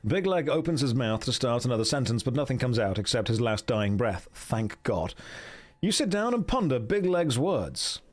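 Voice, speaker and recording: A man's voice: medium pitch, sing-song, moderate pace. A man from England with an English accent, reading a fantasy gamebook aloud on a livestream and breaking off into jokey asides. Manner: jokey asides, laughing at himself. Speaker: streamer.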